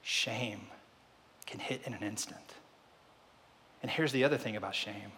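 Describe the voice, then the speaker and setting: A male pastor preaching a sermon, swinging from hushed tones to loud peaks and firing off repeated rhetorical questions. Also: fairly low pitch, unhurried, slight background noise. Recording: reverberant hall.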